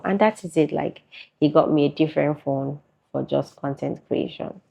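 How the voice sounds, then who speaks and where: A woman's voice: low voice, normal speed, creaky, warm tone. A woman with a Nigerian accent chatting casually in an interview, laughing often. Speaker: interviewee, content creator. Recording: muffled lo-fi recording.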